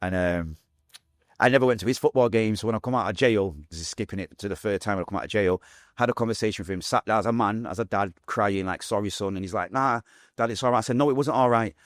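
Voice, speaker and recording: A man's voice: on the low side, no room sound, studio quality. A man in his forties with a Manchester accent, a podcast guest candidly telling his life story, acting out quoted voices. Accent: Mancunian English. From Manchester, England. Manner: fast, animated retelling with acted-out quotes.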